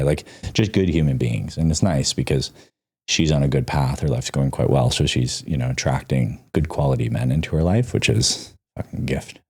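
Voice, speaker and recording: A man's voice: rumbling low, darkish tone, husky. A man talking as a podcast guest, telling stories in a loose, casual way, full of "like" and the odd swear. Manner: loose, frequent "like", swears freely. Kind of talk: casual storytelling.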